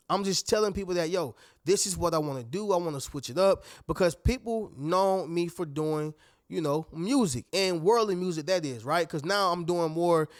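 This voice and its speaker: A fairly high-pitched man talks straight to his viewers in a loose, preachy motivational style, full of fillers and asides. The sound is dry and close, with no room around it. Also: clear, resonant tone, no room sound. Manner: preachy, addresses viewers as y'all and family; conversational with many fillers and asides. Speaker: motivational YouTuber. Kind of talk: casual motivational talk to camera.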